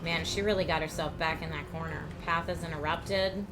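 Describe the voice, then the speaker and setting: A woman streamer talking her way through a video game live, thinking aloud with quick laughs. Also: low voice, steady tone. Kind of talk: live gameplay commentary. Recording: game music playing behind.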